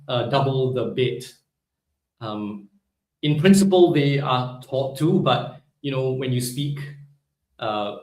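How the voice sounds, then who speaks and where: A man's voice: medium pitch, darkish tone, roomy sound, rough recording. A man teaching a live online language class, explaining step by step and often checking in with "right?". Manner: explanatory, peppers speech with "right?". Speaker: Hebrew teacher.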